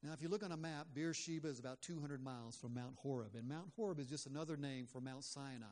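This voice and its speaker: A man's voice: mid-range voice, darkish tone. A man preaching a sermon in an earnest, conversational way, with frequent fillers. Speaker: pastor.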